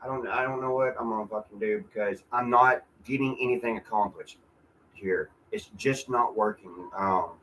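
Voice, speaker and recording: A man's voice: lowish voice, normal speed, a bit bright, slight background noise, poor audio. A man venting in a casual, profane, rambling monologue at home, often restarting his sentences. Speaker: vlogger. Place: apartment.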